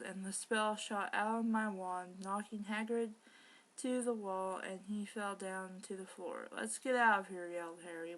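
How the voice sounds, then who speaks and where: A woman reading bad fan fiction aloud for laughs and breaking in with sarcastic, exasperated remarks. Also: mid-range voice. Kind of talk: comedic dramatic reading with commentary.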